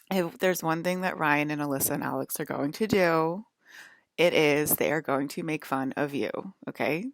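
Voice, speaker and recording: A woman from New Jersey rambles through a casual vlog monologue, her speech full of fillers and indignant asides. Her voice sits low and gravelly with vocal fry, and the recording is dry and close. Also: normal speed, no room sound. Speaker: vlogger.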